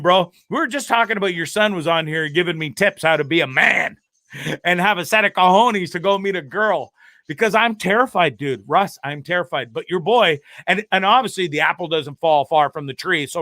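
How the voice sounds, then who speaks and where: A man's voice: on the high side, sharp tone, no room sound. A man hosting a live web show, talking casually, swearing a lot, ranting and laughing as he goes. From Canada. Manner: profane, ranting and laughing often. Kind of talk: casual live-stream chat.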